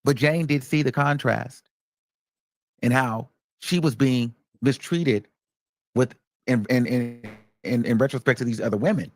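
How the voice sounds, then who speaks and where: A man's voice: mid-range voice, unhurried, darkish tone, dry recording. A man hosting reaction commentary, emphatic and repeating his points for stress. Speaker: commentary host.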